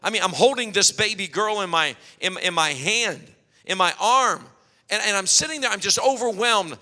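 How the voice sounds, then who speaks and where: A man preaching a sermon, telling animated stories and acting out quotes. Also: sits high, moderate pace. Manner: storytelling, animated, acts out quotes. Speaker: pastor. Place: church hall. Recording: long hall reverb.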